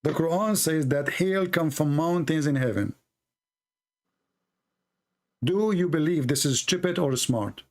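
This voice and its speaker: Blunt, sarcastic man with a gravelly voice. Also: fairly high pitch, normal speed. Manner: blunt, sarcastic, presses the caller with repeated questions. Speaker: debate host. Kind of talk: live call-in debate.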